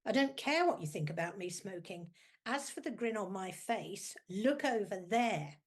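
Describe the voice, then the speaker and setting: A woman's voice: mid-range voice, animated, unhurried. A cheeky young factory girl with a breezy, teasing way of talking, as a woman reads her lines aloud. She sounds carefree and mischievous, never fussed.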